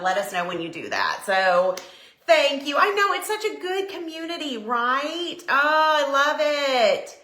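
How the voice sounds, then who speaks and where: Southern woman, middle-aged, bright and chatty live-stream host, roomy echo. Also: medium pitch. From Tennessee, USA. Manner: bubbly, chatty, greets viewers by name. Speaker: decor business owner hosting a live stream. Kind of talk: casual live-stream chat. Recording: echoey room.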